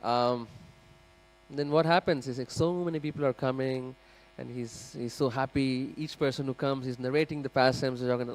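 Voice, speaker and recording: Animated man telling a temple story. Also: medium pitch, moderate pace, poor audio. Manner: animated, acts out the characters; addresses the audience directly. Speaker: speaker giving a scripture class. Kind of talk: sermon storytelling. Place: temple hall.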